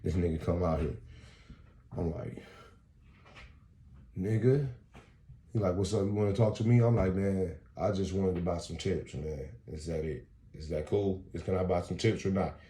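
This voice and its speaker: A man doing freestyle stand-up, telling a profane story and jumping into high voices for the people he quotes. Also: normal speed, pauses often, mellow. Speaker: stand-up comedian.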